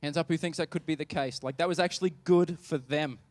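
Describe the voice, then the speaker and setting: A man's voice: on the high side, fairly even intonation, fast, darkish tone, no room sound. A man preaching a sermon as pastor, talking conversationally and emphatically and putting questions to the congregation.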